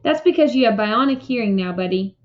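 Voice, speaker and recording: A woman's voice: fairly high pitch, lively intonation, brisk, lightly acted. A friendly male ear doctor who keeps things upbeat and reassuring, as a woman puts him on. He talks in a chatty, easygoing way. The sound is muffled and lo-fi. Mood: cheerful. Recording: dull lo-fi recording.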